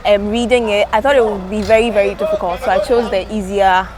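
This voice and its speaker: A young woman with a Ghanaian English accent talks in an easy, self-mocking way, joking at her own expense. Her pitch sits mid-range. Faint street noise can be heard in the background. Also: steady tone, quick pace. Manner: chatty, laughing, self-mocking. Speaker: interviewee. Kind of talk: casual interview chat.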